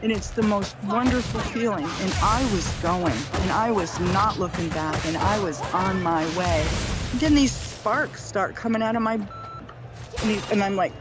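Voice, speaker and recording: A woman's voice: mid-range voice, measured pace. A middle-aged woman giving a personal testimony, telling her story earnestly in long run-on sentences with many repeated phrases. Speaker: near-death experience storyteller. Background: clear background music.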